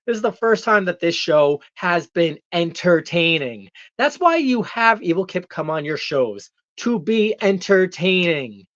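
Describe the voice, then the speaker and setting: A man's voice: high voice, very animated, measured pace, few pauses, a bit bright, no echo, exaggerated voice. A man playing a brash, arrogant male heel wrestler persona as a guest on a talk show, ranting and taunting in character. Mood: cocky. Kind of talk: in-character comedic rant. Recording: dull, dry lo-fi sound.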